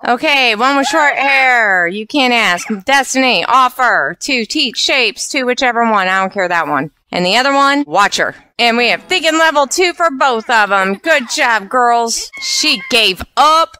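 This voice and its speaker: A woman with a high, bright voice commentates her life-sim game. She barks orders and scolds the little characters on screen with exasperated bossiness. Her tone stays sharp and lively throughout. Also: unhurried, few pauses, a little hiss or hum. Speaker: let's play host. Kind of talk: gameplay commentary.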